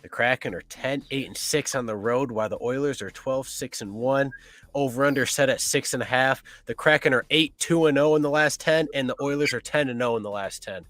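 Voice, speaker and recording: A man hosting a casual sports podcast, reading team records and betting odds in a steady listing way. His voice sits at a middle pitch, recorded close and dry. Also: brisk, no room sound. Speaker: podcast host.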